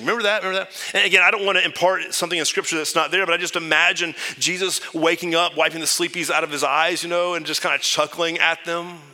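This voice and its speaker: A man preaching a sermon as pastor, conversational and earnest, shifting between loud emphasis and hushed, near-whispered lines. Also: fairly high pitch, long reverb tail. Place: church sanctuary.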